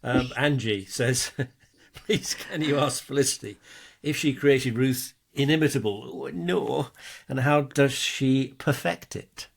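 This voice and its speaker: A man's voice: mid-range voice, slow pace, vocal fry. A man co-hosting a podcast, reading listener questions aloud and laughing often. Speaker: podcast co-host. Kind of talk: casual interview chat.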